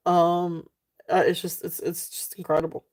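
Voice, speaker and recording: A woman's voice: fairly low pitch, flat delivery, normal speed, darkish tone. A woman with a Southern accent hosting a live jewelry sale, chatting casually and rambling off on tangents, laughing often. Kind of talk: casual live-stream selling chat.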